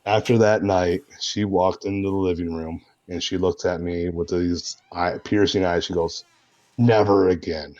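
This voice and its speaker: A man's voice: low-pitched, flat delivery, moderate pace, few pauses, darkish tone, dry recording. A middle-aged American man, a guest roleplayer, telling casual rambling anecdotes over a video call, peppered with "man" and "dude". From United States. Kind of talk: casual storytelling interview. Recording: dull, dry, lo-fi mic.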